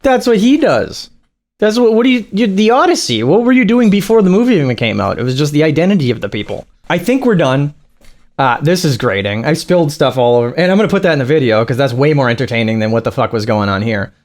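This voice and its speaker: A man giving sarcastic, profane reaction commentary, mocking what he watches. His pitch is a bit raised and swings widely as he jeers. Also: sing-song, fast talker. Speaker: reaction streamer.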